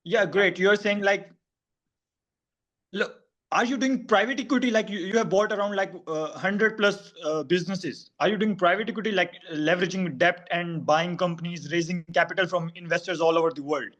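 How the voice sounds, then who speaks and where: A man's voice: sits high, moderate pace, a bit bright. A man from Pakistan asking questions on a video call, hesitant and full of "like". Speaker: caller. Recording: dull lo-fi video call audio.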